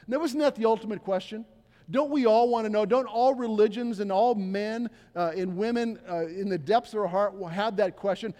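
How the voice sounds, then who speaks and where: High-voiced older male pastor preaching. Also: moderate pace, big-room sound. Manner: conversational, animated preaching with acted quotes. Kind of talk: sermon. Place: church sanctuary.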